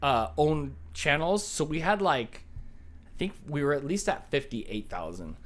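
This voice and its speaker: Animated joking man hosting trivia. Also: a little high, a little slow. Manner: joking, animated, hammy asides. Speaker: game show host. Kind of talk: live-streamed trivia banter.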